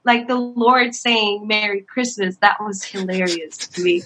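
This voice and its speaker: A woman's voice: medium pitch, measured pace, poor audio. A young woman in ministry telling funny church stories in casual chat, acting out quotes and laughing often. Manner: animated, acts out quotes in a raised voice, laughs often. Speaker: ministry worker, guest.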